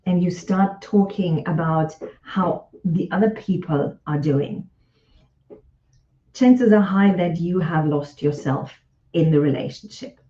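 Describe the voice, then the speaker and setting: Slow, mellow-voiced woman. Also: fairly low pitch. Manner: reflective storytelling, often repeats phrases. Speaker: relationship coach. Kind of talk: live online talk with client anecdotes. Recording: roomy echo, dull lo-fi sound.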